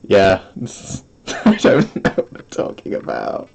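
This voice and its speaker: A man's voice: on the low side, sing-song, slow, creaky, darkish tone. A man chatting casually on a live stream, rambling and giggling, self-deprecating, close to his microphone. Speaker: vtuber streamer. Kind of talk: casual livestream chat. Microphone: streaming mic, close.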